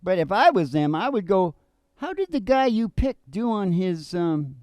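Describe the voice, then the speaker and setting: A man with a high, widely swinging voice rambles through a casual podcast chat, laughing as he goes. His tone is soft and mellow, recorded close and dry with no room sound. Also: normal speed, no room sound. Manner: animated, laughs often, rambling. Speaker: podcast host.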